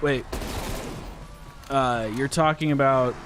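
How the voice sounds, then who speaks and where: A man's voice: medium pitch, steady tone, takes it slowly, background noise. A man casually chatting on a live stream while gaming, rambling and reading chat aloud.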